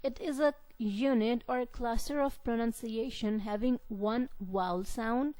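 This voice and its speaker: A woman lecturer giving a classroom-style lesson, speaking deliberately and repeating key words for her students. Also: a little high, darkish tone, no echo, poor audio.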